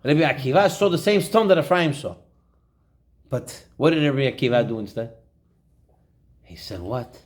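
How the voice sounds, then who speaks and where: Pausing often, a man at medium pitch and normal speed leads an informal Torah class as a rabbi. He tells stories with animation and performs the quotes himself.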